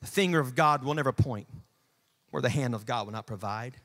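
A man preaching a sermon as pastor in a church, dropping to quiet asides and rising to shouts. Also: fairly quick. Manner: swings from low murmurs to shouted preaching.

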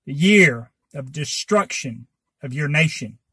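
A man announcing section headings in slow, grave statements. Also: fairly high pitch, lively intonation, sharp tone, breathy edge, no room sound.

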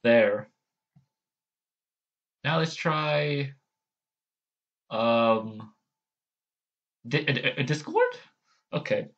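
A man's voice: medium pitch, extremely slow, pauses often, a bit bright, dull audio. A man hosting a casual vlog, hesitant and self-deprecating as he tries out character voices. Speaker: channel host.

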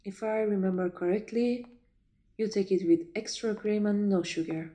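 A woman voicing a calm, wry female colleague who reassures and teases, in a whispered role-play. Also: mid-range voice, normal speed, close to an everyday voice. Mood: reassuring. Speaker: voice actor.

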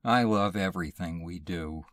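A man reading aloud and voicing a relaxed, indulgent young husband in his own deep voice. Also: moderate pace, no echo, clean studio sound, natural voice. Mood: amused.

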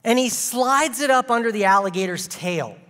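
A man's voice: very high-pitched, lively intonation, normal speed, sharp tone, in a large hall. A man preaching a sermon as a guest speaker, telling a funny story with playful asides and comic timing.

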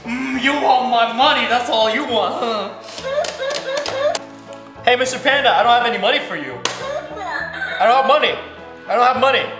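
A man hosting a playful toy unboxing vlog, teasing and pleading with a toy in an animated way. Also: extremely high pitch, moderate pace, pauses often. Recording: echoey room with background music.

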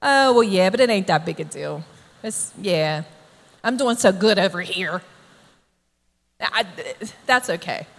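A complacent churchgoer, dismissive and casual, waving away their own wrongdoing, as a woman preacher puts it on. The voice drops well below her usual bright tone and sounds lazy and offhand. It rings with a long hall reverb. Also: mid-range voice, animated, measured pace, vocal fry, pauses often, pitched below the performer's own voice.

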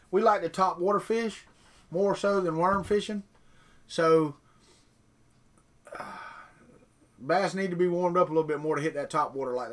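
Man, middle-aged, folksy, rambling, casual live chat, slightly raised pitch. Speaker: 3D printing vlogger reading chat.

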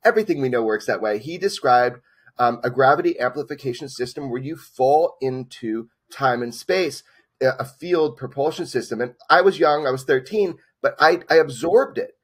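A man in his forties, a documentary filmmaker and interview guest, telling a personal story in a lively way, acting out the dialogue and filling gaps with "like". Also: medium pitch, normal speed, slightly rough. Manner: lively, acts out quoted dialogue, many "like" fillers.

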